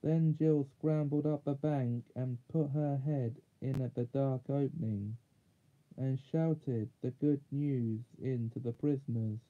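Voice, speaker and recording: A man reading a children's fantasy chapter book aloud in a measured way, now and then correcting small slips. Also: medium pitch, steady tone, mellow. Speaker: audiobook reader. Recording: tinny phone-like sound.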